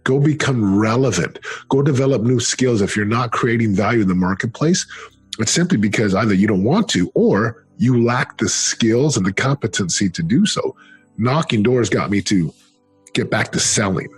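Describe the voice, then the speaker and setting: A middle-aged man telling his life story in an interview, earnest and emphatic, slowing down on key phrases. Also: fairly low pitch, expressive, husky, soft background music. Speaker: interview guest, former football player and speaker.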